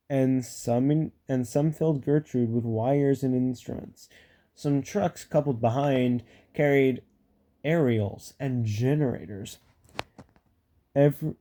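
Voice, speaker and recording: Mellow man reading a kids' book aloud. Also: medium pitch. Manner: casual, with joking asides and stumbles. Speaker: storybook reader.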